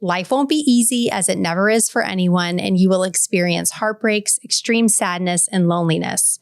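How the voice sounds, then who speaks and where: A woman's voice: mid-range voice, moderate pace, creaky, clear, resonant tone, no echo, studio quality. A woman in her forties hosting a podcast, reading a heartfelt letter aloud and then reflecting earnestly to the listener. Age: 40s. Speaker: podcast host.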